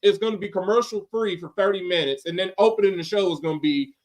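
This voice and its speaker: A man with a notably high voice hosts a loose, chatty podcast. He talks with lively energy, laughs often and mimics other people's voices as he tells stories. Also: quick pace. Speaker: podcast host. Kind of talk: casual wrestling podcast chat.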